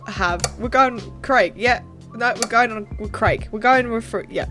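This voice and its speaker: A young woman casually commenting on a video game she is playing, excitable and swearing freely as she reads dialogue aloud. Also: fairly high pitch, normal speed. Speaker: game streamer. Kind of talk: casual let's-play commentary. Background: game music.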